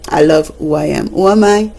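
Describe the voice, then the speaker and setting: A woman's voice: low-pitched, normal speed, vocal fry, warm tone. A woman from Jamaica with a Jamaican accent, a radio broadcaster talking casually on a livestream, chatty and laughing often.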